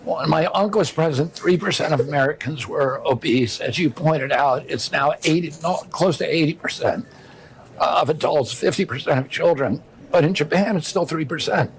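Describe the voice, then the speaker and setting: A man making his case in a measured way with figures on a talk show. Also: fairly high pitch, poor audio.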